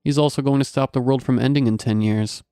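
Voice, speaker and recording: A man's voice: medium pitch, fast talker, smooth, no room sound, clean studio sound, natural voice. A man reading as a cold robotic cyborg reindeer. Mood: ominous. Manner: flat robotic speech. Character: menacing male cyborg reindeer creature from the future.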